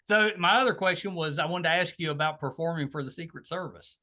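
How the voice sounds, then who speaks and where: A man's voice: fairly high pitch, fast talker. A man from West Virginia hosting a podcast, chatting casually with his guest and laughing easily. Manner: relaxed, laughs easily, friendly asides. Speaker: podcast host. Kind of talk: casual interview chat.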